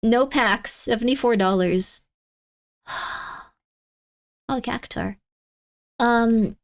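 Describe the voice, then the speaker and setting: A woman streaming live, chatting casually and rambling in exasperated disbelief, her voice often jumping up in pitch. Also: extremely slow.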